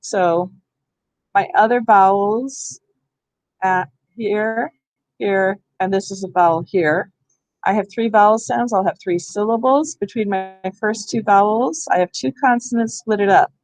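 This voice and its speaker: In a school room, a woman trains teachers during a hands-on reading workshop, explaining things step by step and thinking out loud. Her mid-range, darkish voice is a little slow, and the recording is dry and poor in quality.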